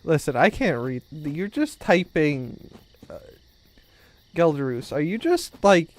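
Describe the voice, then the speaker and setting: A man's voice: a little high, big pitch swings, slow. A man streaming a game, chatting casually with his viewers in a joking, rambling, teasing way. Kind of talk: casual gameplay commentary.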